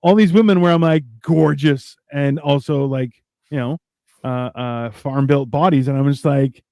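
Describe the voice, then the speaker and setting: A man's voice: medium pitch, moderate pace, mellow, no echo. A man co-hosting a podcast in casual chat, a rambling storyteller who acts out other people's lines. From Canada. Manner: rambling storyteller, acts out quotes in raised voices. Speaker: podcast co-host.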